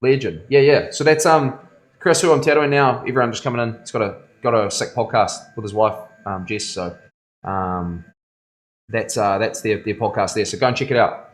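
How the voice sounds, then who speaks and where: A man's voice: lowish voice, normal speed. A man tattooing on a live stream, chatting casually and rambling with his viewers, calling them bro and laughing often. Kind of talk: casual live-stream chat while working. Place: tattoo studio.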